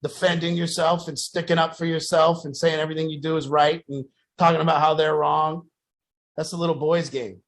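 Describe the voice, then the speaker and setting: A man's voice: fairly high pitch, flat delivery, fairly quick. A man speaking bluntly to a group, mixing tough advice with stories. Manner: blunt, profane, storytelling with acted quotes. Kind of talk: blunt motivational talk to a group.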